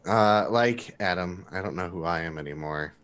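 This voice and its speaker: A man's voice: low voice, moderate pace, fairly bright tone, clean tone. A man playing a tabletop game, chatting casually in a rambling, joking way. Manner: joking, rambling, mock-gloomy. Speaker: player. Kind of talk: casual chat.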